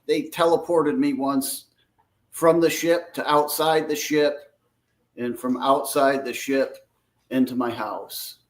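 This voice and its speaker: A man's voice: mid-range voice, steady tone, slow pace. A man who is a retired police officer answering interview questions, hesitant and unsure.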